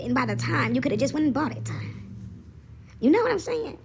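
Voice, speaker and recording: Older lady chatting playfully, high voice that swoops all over. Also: quick pace, gravelly, pauses often, a little hiss or hum. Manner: animated, playful, laughing often. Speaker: faith vlogger. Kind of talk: casual monologue, acting out God's voice.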